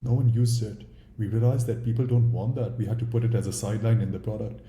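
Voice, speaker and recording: A man's voice: on the low side, steady tone, fast talker, dark tone, roomy sound, a little hiss or hum. A man with an Indian accent, a startup founder talking candidly and bluntly in a casual interview, with some swearing.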